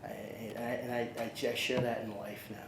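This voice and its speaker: A middle-aged man speaks at a podium, earnest and halting, stumbling over fillers and restarts. His voice rings through a large, echoey conference hall. Loud steady noise sits under the whole recording. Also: mid-range voice. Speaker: new athletics director. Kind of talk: emotional press conference speech.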